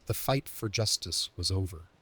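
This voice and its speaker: A man telling a first-person horror story as scripted narration, in a steady, even way. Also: low-pitched, normal speed, slight background noise.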